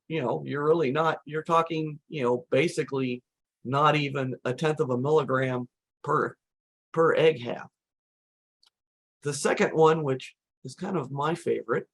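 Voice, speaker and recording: Slightly hoarse woman chatting through recipes. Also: low-pitched. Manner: relaxed, chatty, many "you know" fillers. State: slightly hoarse, losing her voice. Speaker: host presenting recipes. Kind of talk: casual cooking chat.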